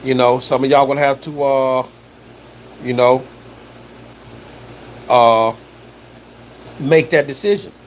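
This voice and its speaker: A man hosts a livestream, reading viewer comments and offering casual commentary in a loose, rambling way packed with "you know," "man" and swearing. His medium-pitched voice is fairly even, slow, with long pauses, and there's a little hiss or hum.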